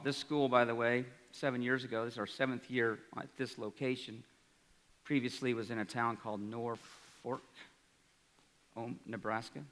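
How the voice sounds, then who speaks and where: A man in his forties giving an energetic speech to an audience, often asking "right?". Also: medium pitch. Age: 40s. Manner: energetic, rhetorical, asks the crowd "right?". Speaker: college president. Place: large hall. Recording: reverberant hall, live speech.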